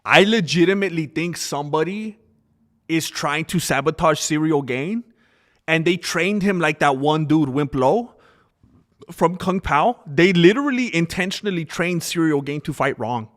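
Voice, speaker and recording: A man hosting a casual livestream, giving opinionated, animated commentary and reading out chat messages. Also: fairly high pitch, moderate pace. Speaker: livestream host.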